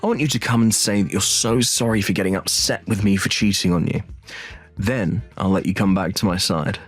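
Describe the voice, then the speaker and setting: A man's voice: fairly low pitch, brisk, husky, soft background music. A man voicing a smug, mocking ex-husband who cheated on his wife, in a dramatized story.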